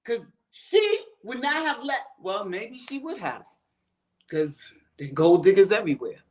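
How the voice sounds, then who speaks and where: A woman's voice: mid-range voice, very animated, measured pace, darkish tone, slight background noise. A woman from the United States hosting her own show, ranting in a profane, fired-up commentary straight to her viewers. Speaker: show host.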